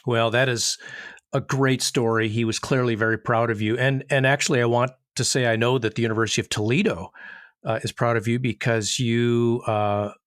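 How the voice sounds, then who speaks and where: Measured middle-aged male podcast host, dry sound. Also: mid-range voice, fairly even intonation, fairly bright tone, smooth, no room sound. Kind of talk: podcast hosting.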